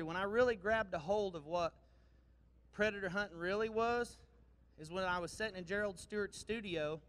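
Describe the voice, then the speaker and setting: A man's voice: high voice, fairly bright tone, smooth. A man in his thirties from Missouri giving a folksy, joking speech to an audience at an awards ceremony. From Missouri, USA. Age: 30s. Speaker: guest speaker presenting awards.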